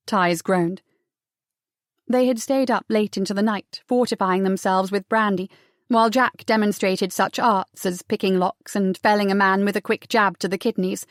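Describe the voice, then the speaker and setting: A woman reads a novel aloud in a measured, expressive narration at an ordinary mid pitch. The recording is close and dry, with no room sound. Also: dry recording. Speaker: audiobook narrator. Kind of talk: scripted audiobook narration.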